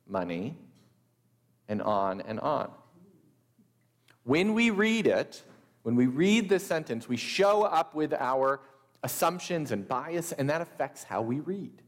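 A man preaching a sermon, deliberate and measured, with a few wry asides to the congregation. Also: on the high side, big-room sound. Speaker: pastor.

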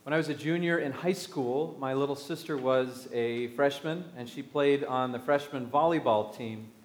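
A man's voice: mid-range voice, moderate pace. A man from the United States giving a sermon, telling a personal story with self-deprecating humor and acting out the scene. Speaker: pastor.

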